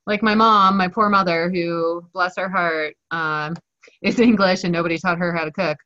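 A woman's voice: mid-range voice, fairly even intonation, moderate pace, bright, forceful tone. A woman instructor leading a live online culinary class in a chatty, joking manner over a video call. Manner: playful, chatty, jokey. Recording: muffled online call audio.

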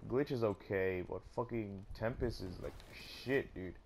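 A man's voice: fairly low pitch, measured pace, a little mellow, slight background noise. A young man commentating his own gameplay, swearing constantly and letting out sudden angry outbursts. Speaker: gaming YouTuber.

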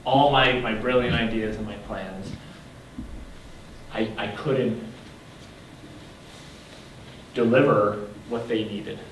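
A man's voice: on the low side, steady tone, unhurried, a little hiss or hum. A man in his thirties giving a reflective public talk as a guest speaker, earnest and often restarting his phrases. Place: lecture hall. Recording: echoey hall from far off.

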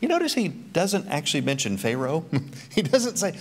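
A man's voice: fairly high pitch, wildly swooping pitch, a little fast. A middle-aged man giving a church Bible teaching talk, full of joking, self-mocking asides.

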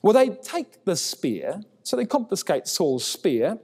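Male Bible teacher, lively delivery, mellow tone, long hall reverb. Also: high voice, slow pace, breathy edge. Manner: animated, acts out biblical dialogue in raised voice.

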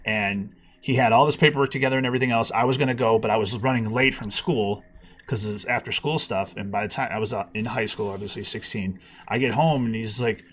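A man telling a long personal story on a podcast call, acting out the people he quotes with big jumps in his voice. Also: fast. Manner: animated, acts out quotes with big pitch jumps. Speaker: podcast guest. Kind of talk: casual storytelling.

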